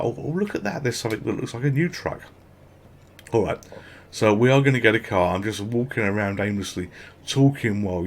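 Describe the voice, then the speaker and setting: A British man giving casual, rambling commentary while playing a video game, with frequent excited exclamations. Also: lowish voice, creaky, slight background noise. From Britain. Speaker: gameplay commentator.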